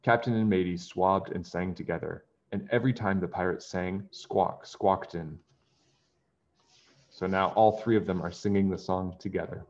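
A man reading a children's pirate story aloud, expressive, with chatty asides to young listeners. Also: low-pitched, moderate pace, muffled recording. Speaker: children's book reader.

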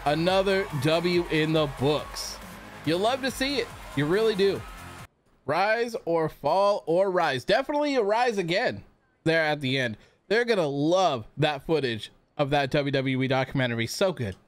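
Excitable high-voiced man playing a game. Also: normal speed, dry recording, faint music behind. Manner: excitable, reacts loudly to the game, talks to characters. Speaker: gaming channel host. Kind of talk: let's play commentary. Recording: clear background noise.

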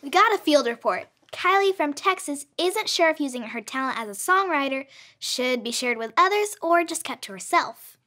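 A performer playing Dot, an eager young girl helper on a children's church show who is quick to cheer. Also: high voice, lively intonation, bright, forceful tone.

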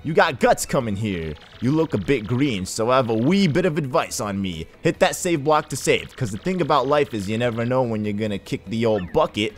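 A man voicing a gruff, folksy male stranger at a rough port in a game, giving blunt advice. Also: medium pitch, lively intonation, brisk, hardly any pauses, close to an everyday voice.

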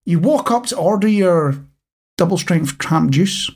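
A man's voice: high-pitched, animated, a little slow, a little mellow, slightly rough. A man co-hosting a casual chat podcast, talking to listeners directly with wry, dry humour. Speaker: podcast co-host.

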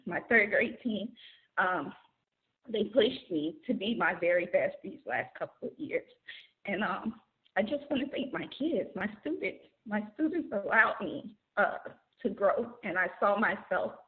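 A woman teacher, choked up and emotional, thanks her colleagues with halting pauses. Her voice comes through a thin, phone-like video call line. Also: medium pitch. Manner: hesitant, many pauses. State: emotional, near tears. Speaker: award winner, teacher.

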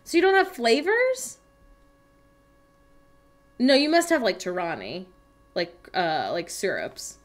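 A woman's voice: a little high, big pitch swings, slow pace, pauses often. A young woman chatting playfully and teasing on a casual livestream from home. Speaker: livestream co-host. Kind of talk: casual chat on a productivity livestream.

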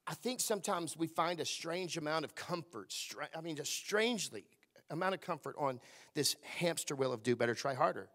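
Pastor preaching, high-pitched. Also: male voice, expressive, moderate pace. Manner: preaching with call-and-response, dropping to a hushed voice for quoted lines. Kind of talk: sermon. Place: church service.

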